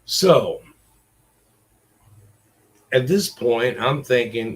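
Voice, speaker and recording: Slow-talking, cursing man in his forties. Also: medium pitch, lively intonation, a bit bright, poor audio. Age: 40s. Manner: profane, rambling and exasperated. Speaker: vlogger. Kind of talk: casual ranting monologue.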